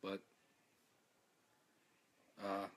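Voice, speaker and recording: An exhausted man talking to his followers in a live video, halting and stammering, repeating his words, earnest and heartfelt. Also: fairly bright tone. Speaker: activist speaking to followers.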